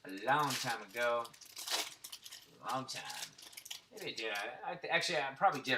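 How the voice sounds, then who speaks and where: A man's voice: medium pitch, normal speed, sharp tone, slight background noise. Brash, profane man calling out baseball cards. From Central Florida. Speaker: card break host. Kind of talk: casual card-opening chat.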